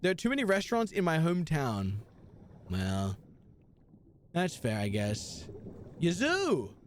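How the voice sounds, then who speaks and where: A man's voice: a little high, wildly swooping pitch, a little slow, slight background noise. A young man live-streaming a video game, chatting casually and answering his chat with slang.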